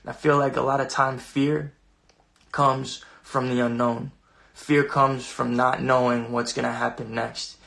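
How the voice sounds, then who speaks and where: A man's voice: mid-range voice, little pitch movement, a little slow, gravelly, fairly bright tone. A young man talking casually and earnestly to viewers on a phone livestream, rambling with many restarts. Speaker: livestream host.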